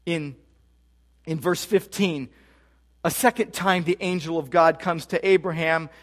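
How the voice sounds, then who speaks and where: A man's voice: fairly high pitch, steady tone, measured pace. A man preaching a sermon as pastor, emphatic and repeating key phrases for stress. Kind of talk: expository sermon.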